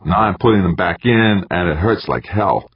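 Male narrator voicing a wry, casual astronaut adrift; very low and husky, muffled dry recording. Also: lively intonation, moderate pace, no echo. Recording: dry, slightly dull lo-fi sound.

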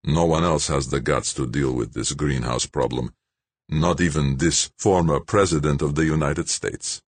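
A man's voice: rumbling low, steady tone, normal speed, slightly rough, no room sound, heavily acted. A man voicing an ambitious, proud male politician who speaks in a formal, controlled way. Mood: guarded, stern.

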